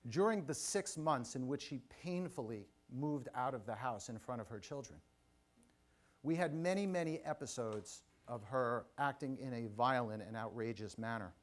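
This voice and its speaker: A middle-aged man giving a motivational keynote at a conference, telling a personal story with quick asides and questions to the audience. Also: mid-range voice. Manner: animated, audience-engaging, personal anecdotes with asides. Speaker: keynote speaker. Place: conference stage before a live audience.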